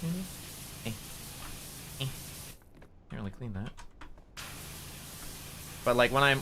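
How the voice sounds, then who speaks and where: A man's voice: mid-range voice, pushed and bright, slight background noise. Nasal young man rambling on stream. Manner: chatty, rambling, mutters to the game. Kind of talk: casual gameplay commentary.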